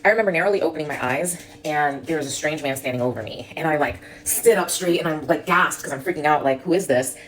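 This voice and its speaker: A woman in her thirties, a sobriety coach, tells her own story with frank, conversational candor. Her voice sits low and she talks quickly, full of "like" and "um". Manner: candid, heavy use of filler "like". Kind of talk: personal storytelling to camera.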